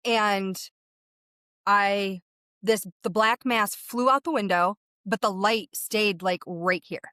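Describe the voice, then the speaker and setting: A woman's voice: medium pitch, bright, forceful tone, clear, resonant tone, dry recording, clean studio sound. A woman who works as a medium, a guest in an interview, vividly recounting a personal experience. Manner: vivid storytelling, speeding up and slowing down with the story.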